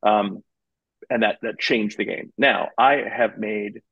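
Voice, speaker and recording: A man co-hosting a podcast in relaxed, casual chat, agreeing often and chiming in. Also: lowish voice, gravelly, no room sound, lo-fi sound. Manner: relaxed, agreeable, quick interjections. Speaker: podcast co-host.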